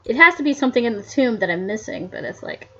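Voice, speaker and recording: A woman's voice: fairly high pitch, lively intonation, fast talker, pushed and bright, husky. A woman commentating her own game playthrough, muttering to herself in frustration as she gets stuck. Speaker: gamer. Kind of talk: let's play commentary. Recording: dull lo-fi audio.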